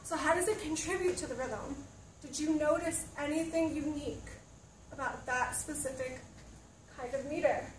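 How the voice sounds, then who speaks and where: A woman's voice: high-pitched, normal speed, slight background noise. A woman teaching a class, talking students through the material and asking them questions as she goes. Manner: checks in with students, asks questions. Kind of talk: classroom lesson. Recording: roomy, from a distance.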